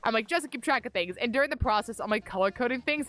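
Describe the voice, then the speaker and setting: A woman's voice: fairly high pitch, lively intonation, quick pace, fairly bright tone, faint music behind. A woman streamer and game master, rambling and swearing as she recounts a tabletop session while gaming. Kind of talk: casual storytelling while gaming.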